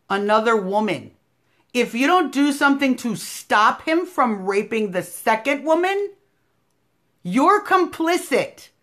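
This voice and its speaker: A fiery American woman hosts a live stream from her phone, in her thirties, her voice sitting on the higher side. She talks in opinionated bursts, sarcastic and combative, rising to loud outbursts and then dropping to low, muttered asides. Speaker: political live-stream host.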